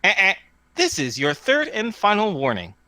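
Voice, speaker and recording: Chirpy, pleasant talking kiosk machine voiced by a man, bright and polite. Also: high voice, wildly swooping pitch, a little slow, no room sound, voice pushed up, heavily acted. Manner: chirpy polite automated announcements. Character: cheerful talking info terminal machine.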